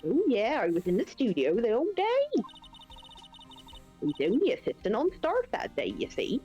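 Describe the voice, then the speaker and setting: A woman's voice: a little high, very animated, moderate pace, mellow, soft background music. A woman voicing a chatty young female studio assistant in a video game, reading the lines loosely and jokily.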